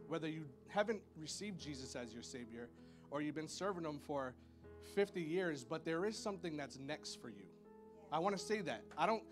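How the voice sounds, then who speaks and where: A man preaching a casual, playful sermon to a church congregation, chatty and full of "y'all" and "like", with a church sanctuary around him. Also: a bit bright. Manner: chatty and playful, lots of "y'all" and "like", with high playful sound effects. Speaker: pastor.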